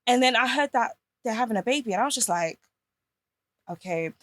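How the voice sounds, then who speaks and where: A woman, a podcast guest telling a personal story in candid casual chat, animated and swearing freely. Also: fairly high pitch, fast, no echo.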